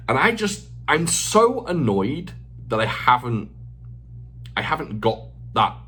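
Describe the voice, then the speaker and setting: A man's voice: medium pitch, fairly bright tone, a little hiss or hum. A man in his forties hosting a casual vlog, talking off the cuff in a self-mocking rant, swearing freely and repeating phrases for emphasis. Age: 40s. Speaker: channel host. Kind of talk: casual unscripted vlog talk.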